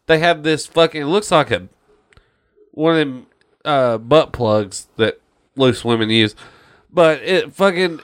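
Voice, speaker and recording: A man's voice: a little high, fairly bright tone, clean tone. A man on a casual podcast, ranting about a movie with heavy swearing and mocking quotes. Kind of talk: casual chat.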